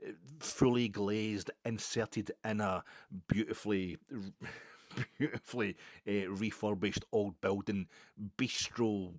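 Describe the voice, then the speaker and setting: Scottish man, podcast host, casual anecdote, self-mocking, sweary, deep voice, dry close sound. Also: no room sound.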